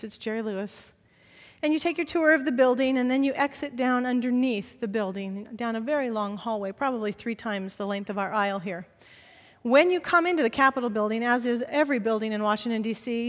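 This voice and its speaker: High-voiced woman pastor in a reverberant hall. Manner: animated storytelling, acting out dialogue. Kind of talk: sermon storytelling. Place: church sanctuary. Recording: long church hall reverb.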